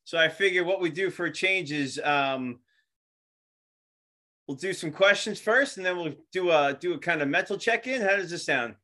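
A man with a Long Island accent hosting a casual podcast chat, playful and quick to laugh, repeating phrases for effect. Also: high voice, lively intonation, sharp tone. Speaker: podcast host.

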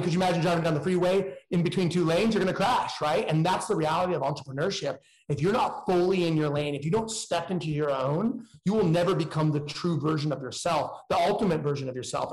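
A man's voice: on the high side, roomy sound, low-quality recording. A man speaking candidly in a casual, slangy way, with frequent restarts. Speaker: guest entrepreneur.

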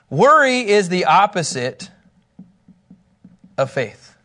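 A man teaching a sermon, emphatic and animated, often acting out the lines he quotes. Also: a little high. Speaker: pastor.

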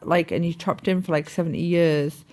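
A woman's voice: on the low side, steady tone, normal speed, darkish tone. Blunt, teasing young woman. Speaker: podcast co-host. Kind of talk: casual chat.

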